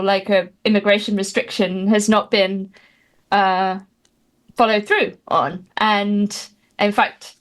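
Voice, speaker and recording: A woman, chatting as an interview guest, talking wryly with many fillers and restarts. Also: medium pitch. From Britain. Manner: dry, wry humor with many fillers and restarts. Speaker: guest commentator. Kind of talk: casual interview chat.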